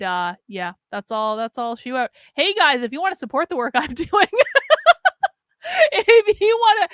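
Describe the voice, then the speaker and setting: A woman's voice: on the high side, a bit bright, no room sound, clean studio sound. A woman hosting a livestream commentary, blunt, sarcastic and profane. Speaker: livestream host.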